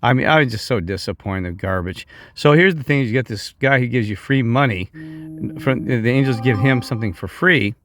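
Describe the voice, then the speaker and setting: A man's voice: mid-range voice, fairly quick, over music. A middle-aged man vlogging in a heated, rambling monologue that keeps jumping off topic and restarting. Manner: heated, digressive, many restarts.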